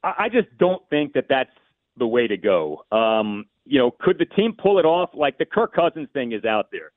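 A man giving measured, opinionated analysis on sports radio, thinking aloud with small restarts. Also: medium pitch, very animated, no echo. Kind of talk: call-in sports radio talk. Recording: tinny phone line.

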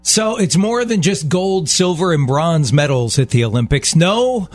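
A man's voice: fairly high pitch, expressive, a little slow, no echo. A man co-hosting a radio show, telling stories animatedly in casual chat and acting out the quoted voices. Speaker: radio co-host.

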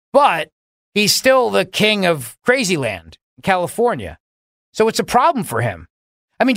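A middle-aged man runs his political radio show alone, mocking and sarcastic, his voice leaping up for emphasis. He sits slightly higher than most men in pitch. The studio sound is close and dry, with no room around it. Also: a bit bright, no echo. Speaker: talk radio host. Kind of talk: political talk radio monologue.

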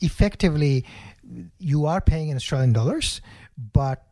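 A man co-hosting an investing podcast, explaining options and currency in a measured way, with hesitant restarts. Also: on the high side, lively intonation, warm tone. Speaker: investing expert co-host. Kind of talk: casual explanatory chat.

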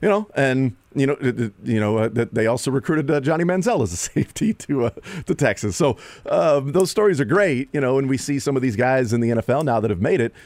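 A man hosting sports talk radio, rambling and animated, who sometimes mimics players in a raised voice. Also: medium pitch, fast talker, few pauses, no room sound.

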